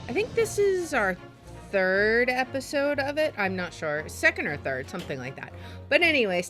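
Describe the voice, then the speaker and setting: An excitable woman streamer chatting her way through a game. Her pitch sits in a middle range and bounces around with lively energy. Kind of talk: gaming livestream commentary.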